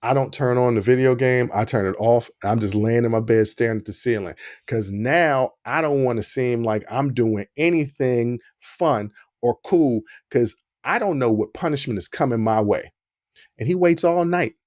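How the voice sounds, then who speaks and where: A man hosting a podcast, telling a personal story in a casual, animated way. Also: mid-range voice, moderate pace, no echo, studio quality. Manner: animated, acts out the quoted dialogue. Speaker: podcast host.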